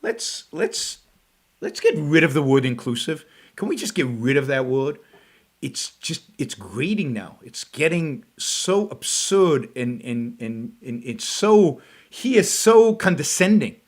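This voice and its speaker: Scornful high-pitched man commenting. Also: big pitch swings, unhurried. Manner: mocking, scornful, emphatic. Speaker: show host reacting to a clip. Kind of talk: sarcastic commentary on a video clip.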